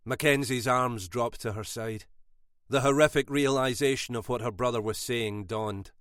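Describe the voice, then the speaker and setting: A man narrating a thriller audiobook in a measured, unhurried way. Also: mid-range voice, a bit bright, dry recording, studio quality.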